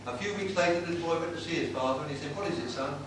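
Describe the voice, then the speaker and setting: A man doing a tribute act as a cheeky old-time music-hall comic, telling saucy gags in brisk patter. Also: on the high side, lightly acted. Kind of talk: live stand-up with saucy gags. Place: live venue with an audience. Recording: roomy and distant with loud noise.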